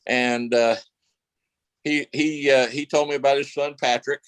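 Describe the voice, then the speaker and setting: A man recounts his past in a relaxed interview, rambling and circling back with fillers. His voice sits at an ordinary pitch. The sound is dry and close. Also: measured pace, clean tone, no room sound, poor audio. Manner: rambling, many fillers and restarts. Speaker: actor guest. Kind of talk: casual interview storytelling.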